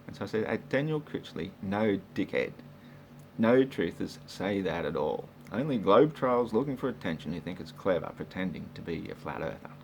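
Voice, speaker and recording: A man's voice: sits low, animated, a little fast, vocal fry, few pauses, darkish tone, a little hiss or hum. An Australian man rambling sarcastically in a casual monologue, swearing and laughing to himself. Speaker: vlogger.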